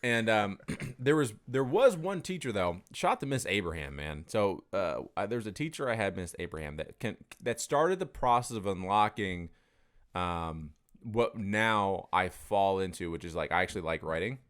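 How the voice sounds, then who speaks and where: Animated, swearing storyteller man. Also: on the low side, moderate pace. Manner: animated storyteller, swears freely, many fillers. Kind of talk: casual conversation.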